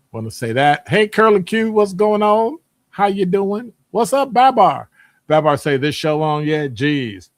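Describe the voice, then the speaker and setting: A middle-aged man with a medium-pitched voice hosts a live stream show, and the audio has no echo. He chats casually, greets viewers by name, and his voice rises in lively ways.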